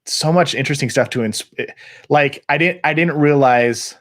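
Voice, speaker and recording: A man's voice: a little high, normal speed, fairly bright tone. A man hosting a live video call interview, asking long, rambling questions full of fillers. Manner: rambling, hesitant, many fillers. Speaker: host.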